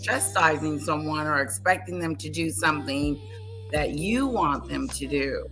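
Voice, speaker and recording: Casting: woman co-host, gravelly low voice, affirming casual chat. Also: unhurried, music in the background, low-quality recording. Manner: affirming, chiming in. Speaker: podcast co-host.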